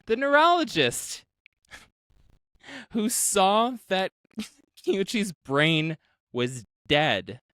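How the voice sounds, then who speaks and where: An animated podcast host tells a story in an unhurried, casual way, with a lively voice that rises and falls. It laughs often, swears freely and slips into quoted voices. It is recorded dry and close, with no room sound. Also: medium pitch, no room sound.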